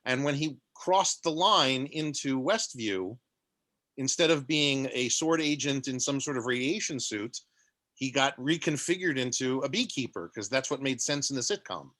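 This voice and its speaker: A man's voice: mid-range voice, lively intonation, moderate pace, fairly bright tone, no echo. A man co-hosting a podcast, explaining details patiently in casual chat. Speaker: podcast co-host.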